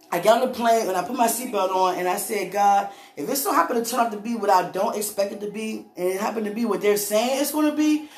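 A woman preacher giving a lively, storytelling testimony, laughing often as she speaks. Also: mid-range voice. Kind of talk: church testimony sermon. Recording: echoey room with faint music.

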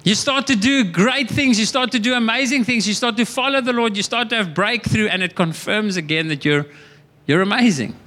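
A man's voice: high voice, fairly quick, sharp tone. A man preaching a sermon as pastor, earnest and emphatic, often repeating and restarting words.

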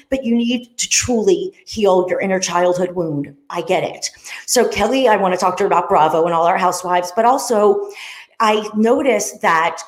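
A woman in her fifties hosting her show, talking in an earnest, rambling way with frequent side notes. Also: mid-range voice. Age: 50s. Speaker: show host. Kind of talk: casual monologue. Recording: roomy echo.

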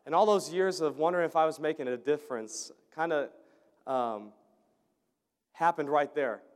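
A fairly high-voiced man shares a heartfelt church testimony, stumbling and repeating words as he goes. His voice rings out with the long reverb of a large hall. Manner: earnest, halting, repeats words, chuckles often. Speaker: churchgoer giving a mission trip update. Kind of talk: storytelling sermon testimony.

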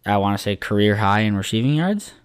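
A man's voice: fairly low pitch, animated, brisk, smooth, no room sound, studio quality. A man co-hosting a podcast, chatting casually about sports in a rambling, profane way full of filler words. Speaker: podcast co-host.

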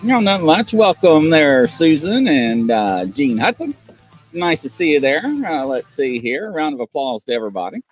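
A man's voice: a little high, very animated, moderate pace, faint music behind. A man hosting a live call-in show, chatting casually and telling stories in a rambling way full of fillers and restarts. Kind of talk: casual live-stream chat.

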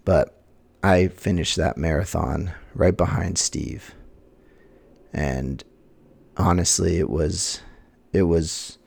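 A man hosting a podcast, telling a personal story in an earnest, halting way, often restarting his sentences and speaking with quiet emotion about faith. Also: sits low, vocal fry, breathy edge. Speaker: podcast host.

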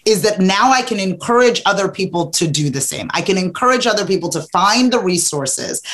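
A middle-aged woman, a podcast guest, telling stories in a relaxed interview and acting out her own past remarks with emphasis. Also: fairly low pitch. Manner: animated, emphatic storytelling with acted-out quotes. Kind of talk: casual interview storytelling.

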